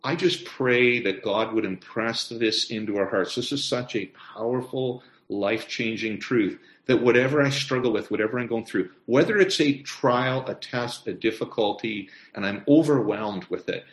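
A man's voice: mid-range voice, normal speed, few pauses. Man, sermon, rhetorical questions, repeats phrases, roomy echo. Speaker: preacher. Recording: echoey room.

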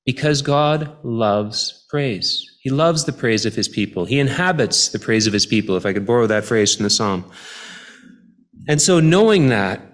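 Man, mid-pitched voice, sermon, conversational, grows emphatic. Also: lively intonation, normal speed. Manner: conversational, rising to emphatic appeals. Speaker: preacher.

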